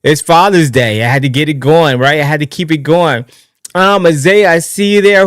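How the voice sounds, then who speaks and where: A man hosting his own live political talk stream in a casual, excitable, rambling way, often restarting his sentences. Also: a little high, normal speed, no room sound, clean studio sound. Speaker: livestream political show host.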